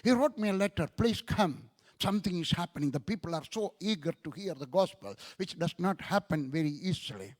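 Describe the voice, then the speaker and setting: A guest preacher, a man with an Indian English accent, delivers his sermon through stories. His voice sits high, and he repeats key lines emphatically, acting out the dialogue as he goes. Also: lively intonation, brisk, few pauses. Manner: repetitive, emphatic storytelling with quoted dialogue. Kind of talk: sermon storytelling.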